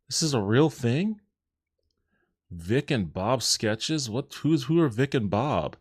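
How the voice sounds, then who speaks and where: A man's voice: mid-range voice, lively intonation, slow pace, slightly rough, dry recording, studio quality. A man hosting a podcast, reacting to a comedy clip in a baffled, exasperated way with frequent swearing. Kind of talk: reaction commentary.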